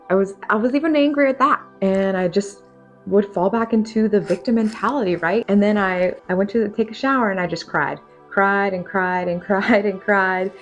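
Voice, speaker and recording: A young woman vlogging to camera, telling her story in a candid, chatty, self-deprecating way and laughing often. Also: medium pitch.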